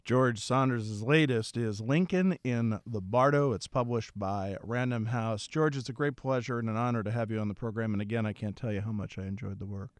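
A man hosting a radio book program, asking questions and signing off in a measured, courteous way. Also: lowish voice, no room sound. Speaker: radio book show host. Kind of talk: radio interview and sign-off.

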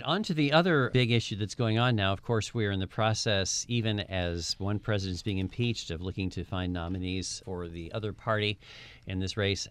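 A man with a fairly low voice hosts a studio panel discussion, steering the talk and pressing his guests with pointed questions. The sound is close and dry. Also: clear, resonant tone, dry recording. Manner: probing, leads topics. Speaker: talk show host.

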